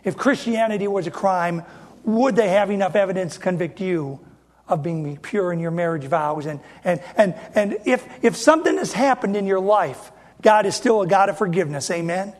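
A high-pitched man in his fifties preaching to his congregation. He speaks in a folksy, emphatic way and keeps returning to the same rhetorical question. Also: lively intonation, normal speed. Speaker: pastor. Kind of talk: sermon.

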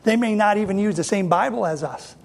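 Man, middle-aged, preacher, high-pitched, emphatic sermon, talks straight to the congregation. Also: brisk, gravelly, darkish tone. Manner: emphatic, repeats phrases for effect, addresses the congregation directly. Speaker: independent Baptist preacher.

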